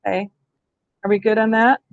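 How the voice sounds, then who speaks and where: A woman's voice: medium pitch, flat delivery, fairly quick, no room sound, highs cut off. A woman training teachers in a hands-on reading workshop, explaining step by step and thinking aloud. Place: school room.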